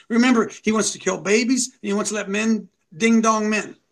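Male host, very high voice, preachy and mocking, builds to shouts. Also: fairly quick, few pauses, rough recording. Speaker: show host. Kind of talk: combative political commentary.

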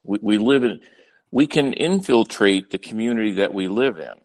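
Male guest, lively pitch, earnest and halting. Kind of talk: casual chat.

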